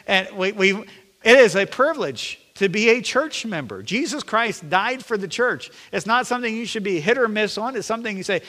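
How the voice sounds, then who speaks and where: Bright-voiced preaching pastor, man. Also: high voice. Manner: earnest preaching with self-deprecating jokes. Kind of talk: sermon. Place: church sanctuary. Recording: long reverb of a church sanctuary.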